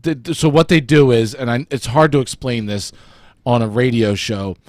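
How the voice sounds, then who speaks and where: A man's voice: medium pitch, moderate pace, darkish tone, no echo. A man co-hosting an online radio talk show, chatting casually and explaining things at length. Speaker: co-host.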